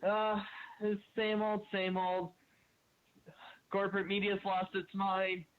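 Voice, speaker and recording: A man calling in to a talk show, ranting angrily with profanity and many halting fillers. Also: sits high, level tone, clean tone. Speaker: caller. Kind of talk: ranting call-in comment. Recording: tinny phone line.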